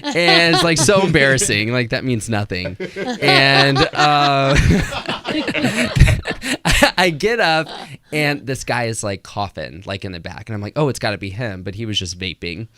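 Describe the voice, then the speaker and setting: A man's voice: mid-range voice, measured pace. A young man from Florida, a nurse and comedian, telling stories on a radio morning show and acting out quotes. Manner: animated, acts out quotes in a raised voice. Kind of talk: casual radio interview storytelling.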